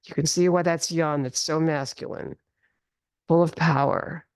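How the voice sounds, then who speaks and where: A woman teaching a qigong and tai chi class, giving calm, slow instructions and drawing out the healing sounds. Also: low-pitched, clean tone, no room sound, studio quality. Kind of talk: guided movement class. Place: studio class in the city.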